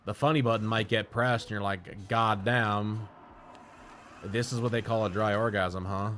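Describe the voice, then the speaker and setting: A man's voice: lowish voice, fairly even intonation, normal speed, a bit bright, slight background noise. A man streaming live, telling rambling, profane stories in casual chat.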